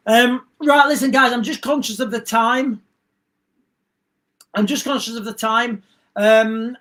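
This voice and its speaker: A man's voice: high voice, fairly bright tone. A man hosting a live stream, ranting casually in a rambling way, repeating himself and cutting off his own sentences. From England. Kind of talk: casual livestream rant.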